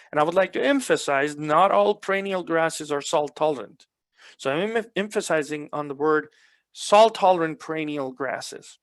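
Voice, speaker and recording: A man's voice: fairly high pitch, fairly bright tone, no echo. A man giving an extension lecture, explaining field trial results in an explanatory way, often repeating words for emphasis. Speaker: soil health extension specialist. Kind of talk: presentation lecture.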